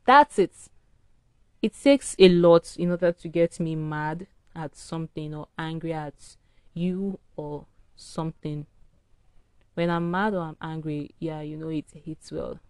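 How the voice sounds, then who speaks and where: A woman's voice: low-pitched, unhurried, clean tone, dry recording. A tired woman hosting a solo podcast, rambling frankly in a casual early-morning rant. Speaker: podcast host. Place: indoors at home early morning.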